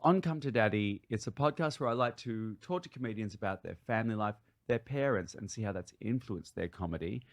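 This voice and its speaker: A man's voice: lowish voice, expressive, brisk, few pauses. A man hosting a comedy podcast, introducing his guest with dry, teasing banter. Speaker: podcast host. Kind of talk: casual podcast chat.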